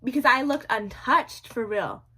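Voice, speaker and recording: A young woman telling a story to her viewers in a casual vlog, animated and slangy, repeating lines for drama. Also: fairly high pitch, unhurried, husky.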